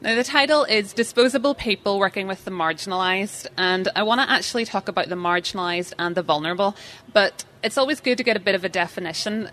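A woman with a lowish voice and a fairly bright tone gives an interactive live seminar talk. She's chatty and self-deprecating, and she puts questions to the audience.

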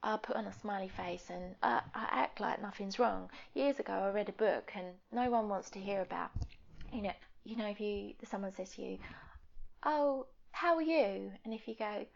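A young woman, speaking candidly and haltingly in a personal interview, sometimes dropping to a near whisper. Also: medium pitch, steady tone, vocal fry, lo-fi sound. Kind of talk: personal testimony.

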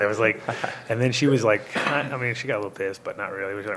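A man's voice: on the low side, quick pace, fairly bright tone. A man from Rhode Island hosting a casual podcast chat, rambling through stories, swearing and acting out quotes. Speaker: podcast host.

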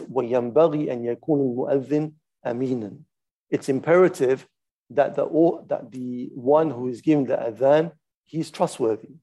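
Male religious teacher, methodical explainer, warm gravelly voice, steady and unhurried. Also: medium pitch. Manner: patient, methodical, stops to demonstrate recitations. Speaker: Islamic studies teacher. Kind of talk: explaining a classical text.

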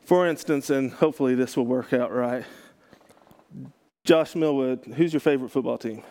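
A man's voice: mid-range voice, moderate pace, mellow. A man from Texas, a pastor, giving a casual teaching talk to a group, chatty and self-correcting, with joking asides.

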